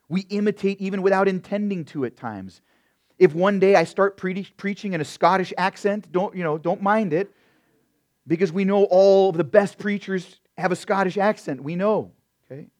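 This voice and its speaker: Brief: middle-aged man, pastor, sermon delivery; slightly high pitch, emphatic with soft drop-offs. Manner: emphatic, shifts between loud stresses and quiet asides; addresses listeners as beloved.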